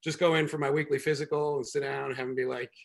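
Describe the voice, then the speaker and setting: Male comedian, host, wry and rambling, many ums, somewhat high voice, video call sound. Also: flat delivery, fast, vocal fry. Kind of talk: stand-up comedy set.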